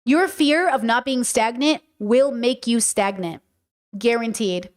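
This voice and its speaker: A woman's voice: on the high side, slow. A woman hosting a podcast, talking casually and frankly as she answers chat questions, checking in with listeners as she goes. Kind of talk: casual livestream talk.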